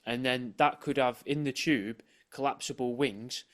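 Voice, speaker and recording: A man, co-hosting a podcast and spinning absurd theories in a deadpan, casual way. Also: medium pitch, a little slow. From England. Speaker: podcast co-host. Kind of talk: casual chat.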